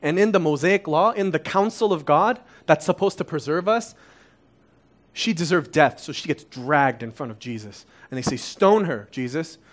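A man's voice: fairly high pitch, lively intonation, moderate pace. Earnest man preaching a sermon. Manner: earnest, confessional, swings from soft to emphatic.

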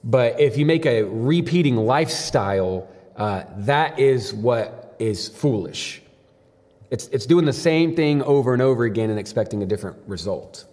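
A man's voice: mid-range voice, expressive, normal speed, darkish tone. Casual young man preaching in reverberant hall. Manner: casual, storytelling with fillers. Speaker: pastor. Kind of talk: devotional sermon.

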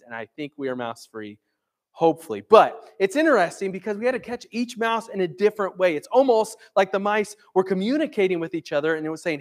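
A man pastor preaching a conversational sermon, often checking in with "right?". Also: high voice.

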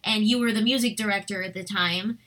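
A woman's voice: mid-range voice, fairly even intonation, brisk, bright, forceful tone. A woman guest in her thirties, an actress and singer, chatting animatedly with many "like"s. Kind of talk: casual chat. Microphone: budget desktop USB microphone.

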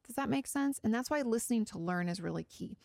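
Woman therapist, casual advice talk, gravelly fry, dry close sound. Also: fairly high pitch, lively intonation, fast, darkish tone, no room sound. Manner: chatty and explanatory, many fillers like "you know". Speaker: therapist answering viewer questions.

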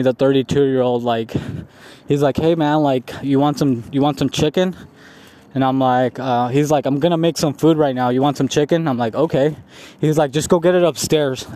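A man's voice: a little high, mellow. A young man telling a long, rambling, profane story in a casual vlog, laughing often as he talks. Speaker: vlogger.

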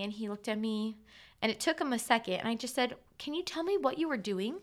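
A woman in her thirties hosts a solo podcast, talking casually and conversationally with many filler words. Her voice is on the high side and a bit bright, at a moderate pace.

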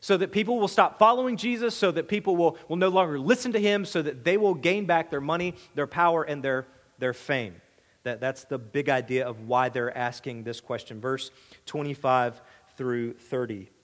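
Preacher, man, high-pitched, chatty sermon delivery with rhetorical questions, reverberant hall. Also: moderate pace. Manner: conversational, asks rhetorical questions, repeats and restarts words; voices the crowd's demand in a higher, louder tone. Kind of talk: expository sermon.

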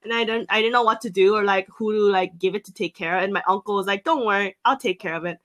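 A young woman telling a casual story on a podcast, filling pauses with "like" and acting out her own past lines. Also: mid-range voice, a bit bright. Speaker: podcast co-host.

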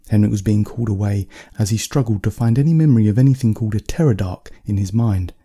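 A man reading a bedtime story aloud in a calm, measured, soft-spoken way. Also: fairly low pitch, husky.

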